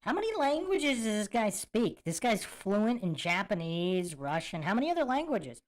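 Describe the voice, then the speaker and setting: A woman's voice: medium pitch, very animated, normal speed, very noisy. A woman hosting a podcast, reacting to clips with amused disbelief and reading out viewer comments. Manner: amused, incredulous, laughs often. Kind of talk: casual commentary with chat readouts.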